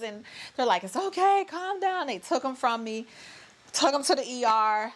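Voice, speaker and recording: Woman, 30s, casual vlog storyteller, talks to viewers directly, a touch high-pitched. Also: a little hiss or hum. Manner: chatty, animated, addresses viewers as y'all. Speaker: mother vlogger.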